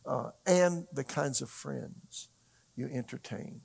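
A middle-aged man preaching a sermon as pastor, conversational and halting, with frequent fillers and restarts. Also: medium pitch, creaky, a little mellow, breathy edge.

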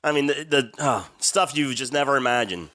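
A man's voice: medium pitch, brisk, sharp tone. A man co-hosting a podcast in casual chat, telling stories in a matter-of-fact way. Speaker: podcast co-host.

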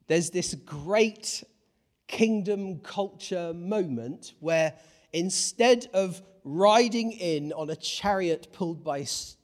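A British man preaching a lively sermon, playful and animated, swinging from hushed asides to exclaiming. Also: high voice.

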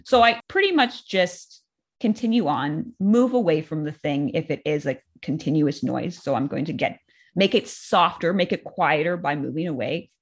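A woman co-hosting a casual chat, explaining training step by step in a relaxed way with lots of "like" fillers. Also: sits low, moderate pace, breathy edge. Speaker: dog trainer, co-host.

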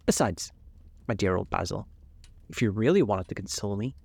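A man voicing a cold, vain young gentleman in a storybook reading, languid and dismissive. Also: on the low side, animated, fairly quick, gravelly, breathy edge, dry recording, full character voice. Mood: aloof.

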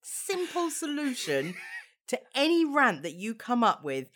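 A woman's voice: on the high side, very animated, a little slow, fairly bright tone. A woman co-hosting a comedy podcast, teasing her co-host and laughing often. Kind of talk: casual comedy chat.

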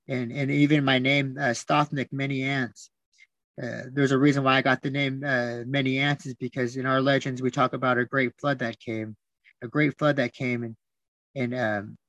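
A man talking as a podcast guest, telling stories in a soft, reflective way, repeating words and restarting often. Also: mid-range voice, no room sound. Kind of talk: reflective storytelling.

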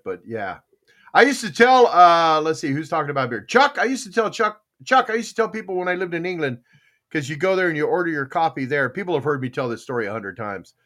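A man's voice: on the high side, fast. An older American man hosting a podcast, telling stories in a casual rambling chat and acting out dialogue. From United States. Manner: storytelling, animated, acts out dialogue. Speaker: podcast host.

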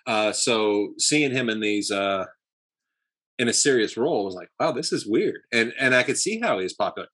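A man's voice: lowish voice, expressive, normal speed, sharp tone. A man chatting casually as a podcast co-host, easygoing and laughing along with short agreeing replies. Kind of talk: casual chat.

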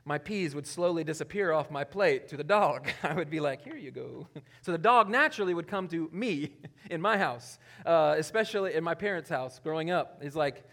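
A high-voiced man delivers a relaxed, conversational sermon. He chuckles, restarts his sentences and swings between quiet asides and loud emphasis. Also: normal speed. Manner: casual, chuckling, self-interrupting with restarts. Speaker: pastor.

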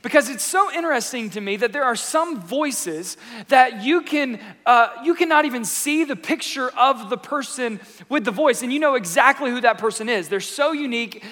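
A man in his thirties preaching a sermon in a lively, playful, conversational way. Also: very high-pitched. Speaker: pastor. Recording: echoey church hall.

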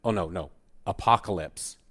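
A middle-aged man as guest co-host, reminiscing in a halting way full of "uh" and restarts. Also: low voice, a bit bright, slightly rough. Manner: halting, many fillers, reminiscing. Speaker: guest co-host, the host's father. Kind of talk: casual podcast chat.

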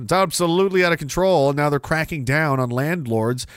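A man's voice: on the high side, a little fast, clean tone, no room sound, studio quality. A man hosting a livestream who reads chat messages in a sardonic, rambling, casual way. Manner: sardonic, rambling, laughs often. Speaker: livestream host.

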